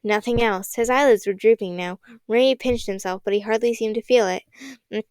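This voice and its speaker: Expressive woman narrator, higher voice, clean and dry. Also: a little fast, clear, resonant tone, dry recording. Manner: expressive, dramatic reading. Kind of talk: audiobook narration.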